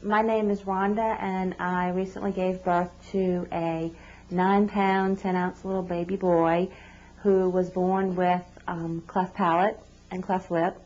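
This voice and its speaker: A mother tells her story in a low voice, candid and heartfelt, stumbling over a word now and then. The recording is dull and lo-fi. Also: level tone, slow, a little mellow. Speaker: mother of a newborn. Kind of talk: personal testimony. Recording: dull lo-fi video sound.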